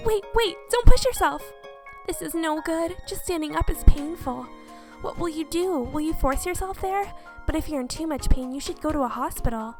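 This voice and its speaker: A high-pitched woman reading a game aloud, voicing the lines and reacting expressively. Game music plays clearly underneath her. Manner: expressive, reacting with gasps and exclamations. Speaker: gameplay video host.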